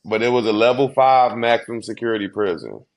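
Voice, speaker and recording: A man in his thirties, a guest in an interview, telling his own story in an earnest, heartfelt way, rushing some phrases and slowing hard on others. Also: mid-range voice. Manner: earnest, heartfelt, quick bursts with slow emphatic pauses.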